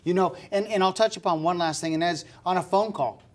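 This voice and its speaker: A man hosting an interview show, asking his guest questions in a halting way with fillers and restarts. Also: high voice. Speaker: talk show host.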